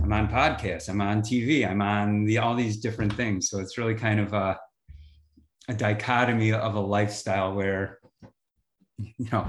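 A man who teaches high school history and coaches, talking in a relaxed, rambling way as a podcast guest. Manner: relaxed, rambling, many fillers. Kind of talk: casual interview chat. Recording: roomy echo.

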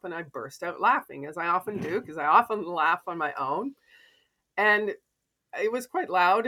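A woman's voice: low-pitched, bright, forceful tone. A woman, a podcast guest and mentor, telling stories and advice in an earnest, reflective way. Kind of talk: casual interview chat.

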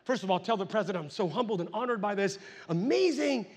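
Very high-voiced, animated male preacher. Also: fast. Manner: animated, chuckling storyteller with sudden loud outbursts. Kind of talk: storytelling sermon.

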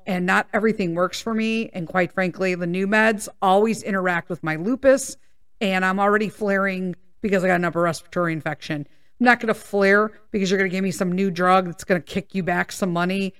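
A woman's voice: on the low side, fairly bright tone, clear, resonant tone, no echo, studio quality. A woman hosting a casual podcast, telling personal stories in a candid, rambling way with plenty of swearing, sounding a little congested. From United States. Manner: candid, profane, rambling with tangents. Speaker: podcast host.

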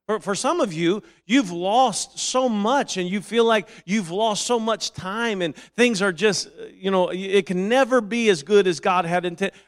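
A man with a high voice delivers a sermon. He reasons quietly through scripture, repeats his phrases for weight, then rises into loud, fervent calls to the congregation. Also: unhurried, few pauses. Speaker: preacher.

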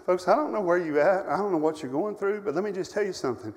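High-voiced man preaching in a reverberant hall. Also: quick pace, hardly any pauses. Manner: emotional storytelling, swings from loud to hushed. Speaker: camp director preaching. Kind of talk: sermon.

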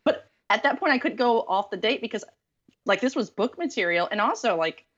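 A woman's voice: fairly high pitch, lively intonation, brisk, a bit bright, lo-fi sound. A woman from the American South, an author, telling dating stories in a casual, self-deprecating way with many fillers. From Southern US, Texas. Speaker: author guest. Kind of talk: casual storytelling interview.

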